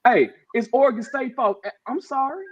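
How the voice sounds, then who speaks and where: Fired-up high-voiced man ranting. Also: expressive, fairly quick, slightly rough. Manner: fired up, emphatic, says bro and y'all often. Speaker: podcast co-host. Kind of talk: heated sports talk rant. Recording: dull lo-fi audio.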